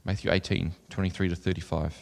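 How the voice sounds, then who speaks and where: A man's voice: low-pitched, little pitch movement, fast talker, vocal fry. A man giving a sermon, earnest as he reads scripture aloud and chatty in his asides. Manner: conversational asides with fillers. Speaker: preacher. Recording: long hall reverb.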